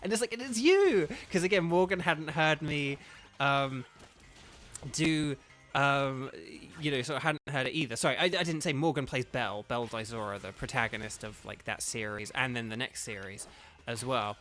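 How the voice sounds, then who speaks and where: A man's voice: medium pitch, normal speed, sharp tone, soft background music. An English man, a voice actor, chatting casually on a livestream, rambling with many fillers and restarts. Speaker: streamer and voice actor.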